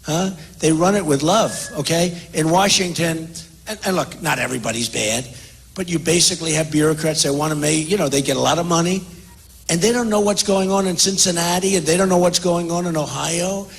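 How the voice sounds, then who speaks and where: An older presidential candidate answers questions from the crowd at an indoor town hall, speaking off the cuff. His voice is fairly high with vocal fry, his pace a little fast, and he keeps circling back to the same boastful phrases. Some faint background noise can be heard.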